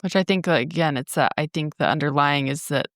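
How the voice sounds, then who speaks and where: A woman's voice: low voice, fairly quick, no echo, studio quality. A woman co-hosting a podcast, earnestly thinking aloud about spiritual growth. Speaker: podcast co-host. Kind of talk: reflective spiritual conversation.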